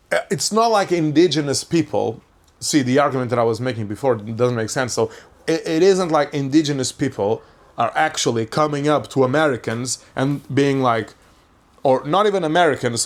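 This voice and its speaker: A young man, rambling through a casual podcast monologue, full of questions and frequent swearing. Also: mid-range voice. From Portugal. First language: Portuguese. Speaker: podcast host.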